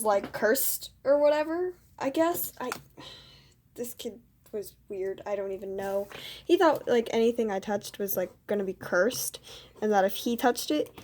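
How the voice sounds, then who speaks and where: A woman's voice: on the high side, slight background noise. A teenage girl casually telling a story about school. She rambles, fills her talk with "like" and "you know", and makes fun of herself. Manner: rambling, full of "like" and "you know", self-mocking. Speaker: student vlogger.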